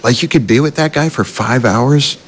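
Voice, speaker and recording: A man's voice: mid-range voice, normal speed, husky. A male host in casual conversation, chatty with folksy asides. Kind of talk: conversational interview.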